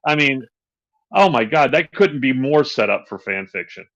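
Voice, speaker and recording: A man co-hosts a podcast, talking in a bright, forceful voice as he rants with exasperated energy. The sound is a little dull and lo-fi. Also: medium pitch, normal speed. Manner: animated, exasperated ranting with laughs. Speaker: podcast co-host. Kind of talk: casual chat.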